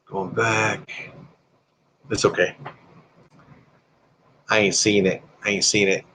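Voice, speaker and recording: A man's voice: fairly low pitch, level tone, a little slow, a bit bright, a little hiss or hum. A man hosting a casual live stream, rambling and reading viewer comments aloud in a friendly, chatty way.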